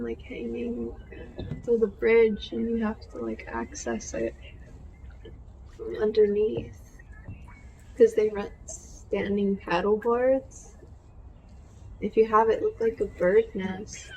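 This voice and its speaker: High-voiced woman, upset and near tears. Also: creaky, a little mellow, lo-fi sound, slight background noise. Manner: halting, broken-off sentences. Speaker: vlogger. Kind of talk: casual vlog narration. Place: outdoors on a lake in a kayak.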